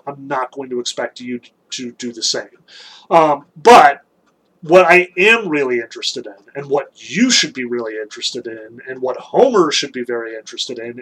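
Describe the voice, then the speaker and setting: A man's voice: on the high side, fairly bright tone. A man teaching a class in a casual, chatty lecture style, with frequent ums and likes. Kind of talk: recorded lecture.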